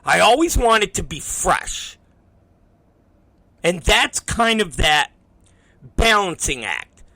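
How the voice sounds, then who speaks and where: Gravelly yet pushed and bright, this man's high voice is very animated and slow as he hosts his own podcast. He swears a lot in casual talk and voices both sides of conversations he's had. The recording has no room sound.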